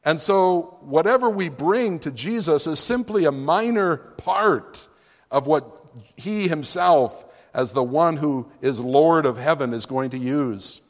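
A man's voice: fairly high pitch, lively intonation, slow pace. A man preaching a sermon in a church sanctuary, with an emphatic, dramatic delivery. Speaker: pastor. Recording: long reverb of a large room.

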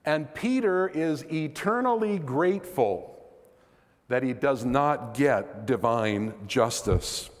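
A man's voice: medium pitch, lively intonation, takes it slowly, long reverb tail. A man preaching a sermon as pastor, earnest and conversational, asking rhetorical questions.

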